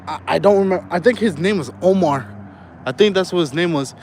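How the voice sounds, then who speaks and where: High-voiced young man telling a rambling story. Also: fairly quick, a little mellow. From Southern California. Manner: rambling, profane, laughs often. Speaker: vlogger. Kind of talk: casual storytelling while walking. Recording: faint street noise.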